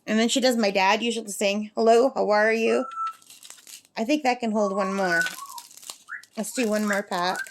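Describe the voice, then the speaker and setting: At her summer camp alongside a talking parrot, this woman rambles chattily through a crafting vlog, calling out numbers as she works. She speaks at normal speed in a mid-range, fairly even voice over background noise.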